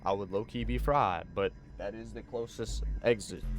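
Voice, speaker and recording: A man's voice: fairly low pitch, normal speed, soft background music. A young man streaming a horror game, reacting with frequent swearing and laughs between lines. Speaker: gaming streamer. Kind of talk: casual gaming commentary.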